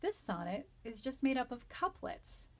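Breathy woman explaining Shakespeare. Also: on the high side, big pitch swings. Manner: reads verse lines slowly then explains them in plain chat; enthusiastic, self-described nerdy. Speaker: Shakespeare teacher. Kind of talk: reading and explaining a sonnet. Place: home during quarantine.

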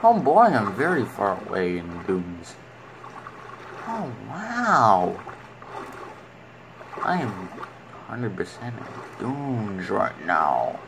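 A man's voice: fairly low pitch, huge pitch swings, slow, creaky, long pauses, background noise. A man giving casual commentary while playing a video game, rambling and talking fondly to the creatures on screen.

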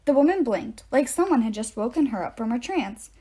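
A woman reading a novel aloud in an expressive way, with deadpan asides. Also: a little high, fairly quick, husky. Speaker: narrator. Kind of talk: audiobook-style reading aloud.

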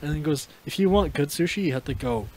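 Animated young man telling a story. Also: fairly high pitch, quick pace, a little hiss or hum. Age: 20s. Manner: animated, laughs often, acts out both sides of the dialogue. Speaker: podcast co-host. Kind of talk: casual storytelling chat.

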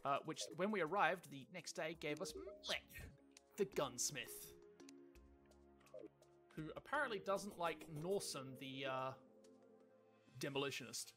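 A let's play host chatting casually and self-mockingly over gameplay, excitable and laughing often. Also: medium pitch, measured pace, pauses often, over music.

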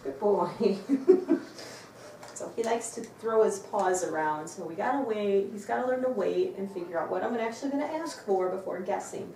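A woman dog trainer explaining a trick to viewers, breaking off to praise the dog with a bright, loud voice. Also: mid-range voice, brisk, creaky, hardly any pauses, slight background noise. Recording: roomy, from some distance, faint clicks.

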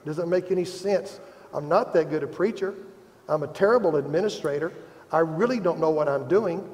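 A man's fairly high, slightly mellow voice moves at a moderate pace as he delivers a sermon in a church sanctuary, the recording bathed in long hall reverb with slight background noise. He's a pastor with a Midwestern American accent, earnest and self-deprecating, gaining emphasis as he presses on.

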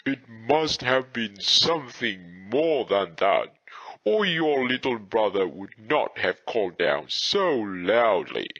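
A man voicing a strong, greedy fighter who bullies in slow, demanding speech in a storybook audiobook. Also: lowish voice, sing-song, fairly bright tone, highs cut off, heavily acted. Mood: menacing.

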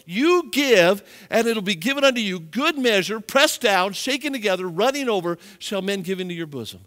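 High-voiced preaching man in a church. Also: moderate pace, in a large hall. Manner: animated preaching, rising and falling intensity. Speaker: pastor. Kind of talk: sermon. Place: church sanctuary.

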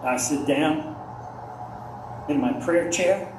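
A male pastor preaching a sermon slowly and earnestly, often dropping to soft murmurs and rising with feeling. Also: fairly high pitch. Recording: echoey room, mic at a distance, faint ambient noise.

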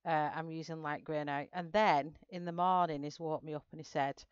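A woman's voice: low voice, steady tone, moderate pace, clean tone, no echo, lo-fi sound. A woman chatting casually with viewers while she colors, telling a story. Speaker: artist livestreaming a coloring session.

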